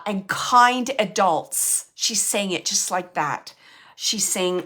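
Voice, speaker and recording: A woman medium giving a gentle live reading, passing on messages from a spirit in the first person. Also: medium pitch, takes it slowly.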